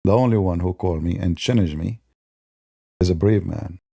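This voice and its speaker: Man, gravelly, sarcastic debate-show host with a mellow, dark tone. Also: moderate pace, no room sound, clean studio sound. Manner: mocking, sarcastic, imitates opponents in high voices. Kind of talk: polemical monologue.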